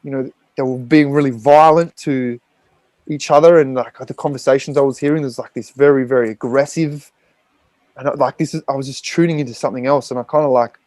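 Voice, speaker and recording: A man's voice: medium pitch, darkish tone, no room sound. An Australian man, a podcast guest, telling a raw personal story with frequent swearing and rambling fillers.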